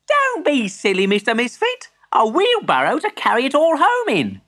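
A woman's voice: sits high, wildly swooping pitch, normal speed, very noisy, voice pushed up. A woman voicing an earnest, polite young boy. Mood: eager, earnest. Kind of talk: storybook voice acting.

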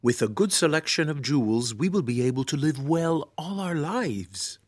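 A man reading a story, voicing a young male hero in a softer, hushed tone. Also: on the high side, lively intonation, moderate pace.

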